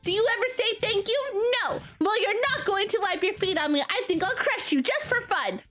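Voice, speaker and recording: A woman's voice: very high-pitched, lively intonation, normal speed, fairly bright tone, soft background music. A woman reading as a gloating stone king. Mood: taunting. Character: boastful male stone-slab king, bullying.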